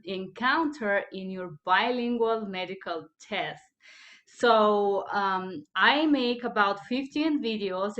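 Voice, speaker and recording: A woman with an Eastern European accent, an interpreter hosting her channel and introducing a video in a careful, deliberate way with small slips and restarts. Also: mid-range voice, a bit bright, dull audio.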